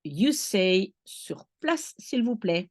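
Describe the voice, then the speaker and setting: Slow, lively Belgian woman teaching French. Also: mid-range voice, no echo. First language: Dutch. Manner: patient, repeats phrases slowly, thinks aloud. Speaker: language teacher. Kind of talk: explaining French to a beginner.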